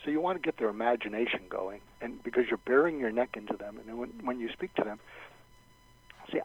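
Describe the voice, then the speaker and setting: Male guest expert, husky, plain conversational delivery, lo-fi radio broadcast quality. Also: medium pitch, fast. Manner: thoughtful, repeats words, acts out sample lines. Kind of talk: conversational advice with acted examples. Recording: dull, lo-fi radio sound.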